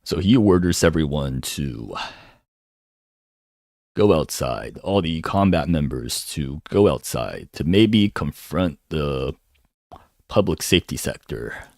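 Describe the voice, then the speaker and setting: A man's voice: extremely low pitch, animated, slow, vocal fry, darkish tone, no echo, studio quality. A man giving a casual solo breakdown of a comic chapter. He rambles and hums filler syllables while he thinks. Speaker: manga commentator.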